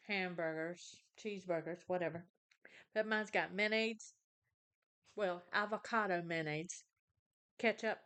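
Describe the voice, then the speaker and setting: A woman's voice: mid-range voice, a bit bright, clear, resonant tone. An older woman, chatting casually to her viewers in an eating vlog, saying y'all a lot. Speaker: mukbang vlogger. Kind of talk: casual chat to camera.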